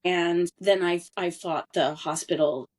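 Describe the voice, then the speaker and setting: A woman's voice: fairly low pitch, steady tone, a little slow. A woman in her forties, a podcast guest telling a personal family story in an earnest, candid and emphatic way. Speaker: interview guest. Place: lived abroad in Europe.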